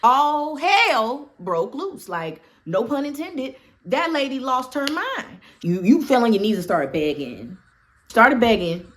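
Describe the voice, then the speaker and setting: A woman's voice: high voice, sing-song, takes it slowly, a bit bright. A woman casually recapping a horror film for her channel, talkative and full of opinionated asides. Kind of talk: casual movie recap commentary.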